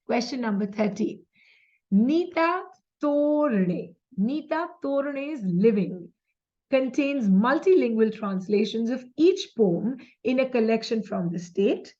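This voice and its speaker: A woman's voice: a little high, expressive, takes it slowly, dark tone, dull audio. A young woman with an Indian English accent teaching an exam practice lesson, switching between English and Hindi and explaining with examples. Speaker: exam tutor. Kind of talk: lively quiz lesson.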